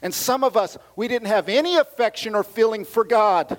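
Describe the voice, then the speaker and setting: A middle-aged male pastor preaching with a fairly high, light voice. He swings between booming passages and hushed asides, with casual slang and frequent hallelujahs. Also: moderate pace, few pauses. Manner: animated preaching, swings from loud to quiet asides. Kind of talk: sermon.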